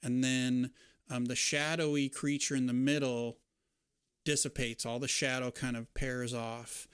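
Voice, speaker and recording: A man narrating as game master of a tabletop game, describing scenes in a relaxed way with casual fillers. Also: mid-range voice, measured pace, clear, resonant tone, dry recording, clean studio sound.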